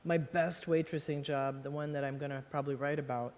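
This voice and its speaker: Onstage before an audience in a big, reverberant hall, an American author guest talks in a deep, darkish, steady voice at a fairly quick clip. She's chatty and self-deprecating, rambling along with plenty of laughter.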